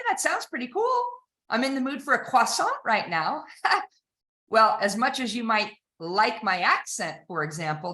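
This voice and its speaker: A woman delivers a sales training with a bright, forceful voice and an emphatic, persuasive push. She keeps firing rhetorical questions at her listeners. The room around her rings with a roomy echo. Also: on the high side. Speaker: sales trainer and company founder. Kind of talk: energetic sales training talk.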